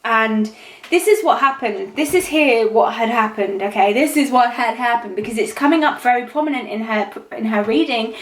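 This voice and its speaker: A woman's voice: fairly high pitch, normal speed. A woman giving a casual psychic tarot reading, rambling and emotional, repeating herself as she talks. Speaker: tarot reader. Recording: echoey room.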